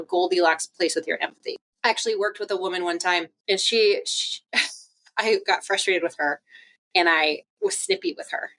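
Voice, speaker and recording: A woman's voice: fairly low pitch, sharp tone. A young adult woman, a physical therapist guest on a casual podcast interview, telling stories animatedly and acting out quoted dialogue.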